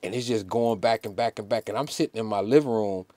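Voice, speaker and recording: A man, a musician guest on an interview show, telling a personal story in an animated, emphatic way, full of "like" fillers. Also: on the low side, fast, no room sound, studio quality. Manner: emphatic, preacher-like insistence.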